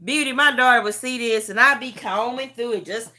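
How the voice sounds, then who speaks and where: Brief: middle-aged woman, bright ringing voice, phone livestream, heartfelt talk to her viewers. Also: on the high side, a little fast. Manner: heartfelt, repetitive, talks straight to viewers. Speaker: livestream host. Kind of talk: emotional testimony chat.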